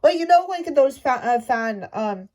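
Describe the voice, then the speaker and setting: High-voiced halting woman ranting. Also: lively intonation, darkish tone. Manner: halting, stumbling, many restarts. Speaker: fan commentator. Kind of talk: casual rant to camera.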